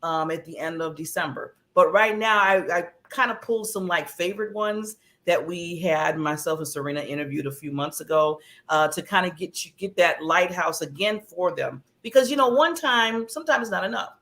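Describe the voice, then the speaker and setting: Female co-host, casual chat, animated storyteller, laughs easily. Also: fairly low pitch, moderate pace, hardly any pauses. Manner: animated storytelling, acts out quotes, laughs often.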